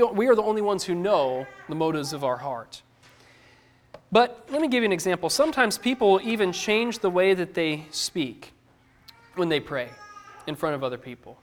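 A man's voice: high-pitched, fairly bright tone. A man preaching a sermon in an earnest, conversational way, putting direct questions to his listeners.

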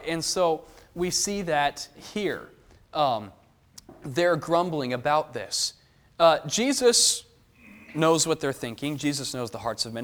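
A man leading a Bible study, explaining verses and asking the group questions in an animated way. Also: fairly high pitch. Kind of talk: teaching a Bible class.

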